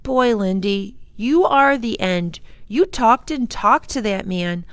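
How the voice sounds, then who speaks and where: A woman voicing a cocky, teasing boy in a storybook, speaking loudly and taunting. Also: fairly high pitch, big pitch swings, a little slow, no room sound, voice pushed up. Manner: loud, taunting.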